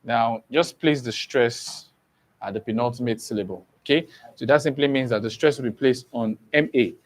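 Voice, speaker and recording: A man's voice: mid-range voice, normal speed. Man teaching a stress rule. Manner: asks the class questions and repeats key points. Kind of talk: exam-prep classroom lesson.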